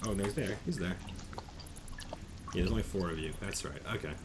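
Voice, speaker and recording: A man's voice: low-pitched, expressive, brisk, noisy background. A man running a tabletop game as game master, talking casually and playfully with rambling restarts.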